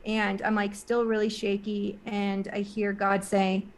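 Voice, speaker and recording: A woman being interviewed as a guest tells a personal experience in casual spoken storytelling, loosely and with lots of rambling. Her middle-pitched voice is monotone and a little slow, yet she speaks earnestly and emotionally, filling her speech with "like" and "um."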